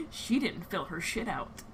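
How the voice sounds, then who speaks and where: A woman's voice: on the low side, breathy edge. A woman acting as storyteller for a live-streamed tabletop game, chatty and casual, often laughing and trailing into filler words.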